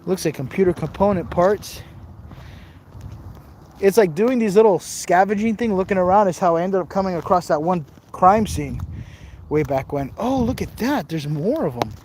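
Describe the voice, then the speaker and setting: Tired guy rambling on a phone livestream outside, kinda high voice, faint noise behind. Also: expressive, normal speed, a little mellow. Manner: rambling, jokey, reads viewer comments aloud. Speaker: livestream host exploring outdoors. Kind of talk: casual live-stream chat. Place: outdoors on rough open ground. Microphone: phone camera held while walking.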